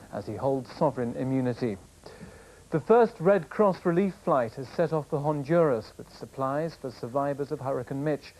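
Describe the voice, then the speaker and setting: Measured male newsreader. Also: fairly high pitch, a little mellow, a little hiss or hum, rough recording. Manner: measured, formal delivery. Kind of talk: news bulletin reading.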